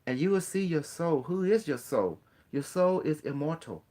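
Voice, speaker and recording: This man speaks at a fairly high pitch with lively intonation, a normal speed, and a dark tone. His spiritual talk is casual and wandering, full of repetition and questions to the listener, with bursts of playful chanting.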